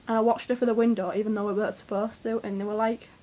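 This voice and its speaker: A young woman, telling a rambling, excitable story to camera, swearing freely and with lots of fillers. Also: fairly high pitch, rapid-fire, poor audio. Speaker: vlogger.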